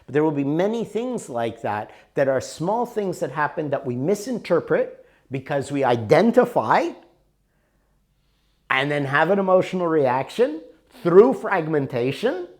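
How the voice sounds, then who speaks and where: Man, middle-aged, workshop teacher, conversational storytelling, very animated pitch. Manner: conversational storytelling, rising and falling emphasis. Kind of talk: recorded workshop talk.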